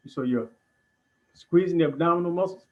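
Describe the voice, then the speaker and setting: A man's voice: on the high side, muffled recording. Man guiding a breathwork lesson. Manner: calm, deliberate instruction with pauses. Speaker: breathwork instructor.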